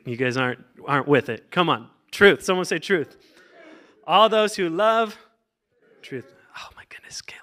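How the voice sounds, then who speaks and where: A male pastor preaches a sermon at medium pitch with a fairly bright tone. He reads scripture aloud between stretches of explanation and emphatically urges the congregation to call back in response.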